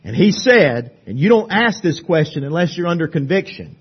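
Male pastor preaching slow, husky voice kinda high, gets loud then drops real quiet, dull lo-fi church tape. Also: big pitch swings. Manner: emphatic, swings between loud and hushed. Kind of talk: preaching a sermon.

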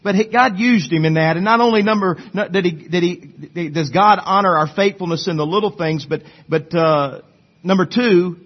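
A man preaching a sermon as a pastor, swinging between soft low asides and loud rising exhortation. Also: normal speed, slightly rough, highs cut off.

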